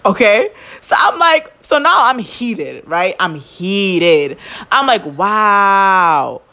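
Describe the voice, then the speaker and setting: A young woman, telling a story in casual chat as a podcast co-host, profane and quick to indignation. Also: mid-range voice, sing-song, pushed and bright.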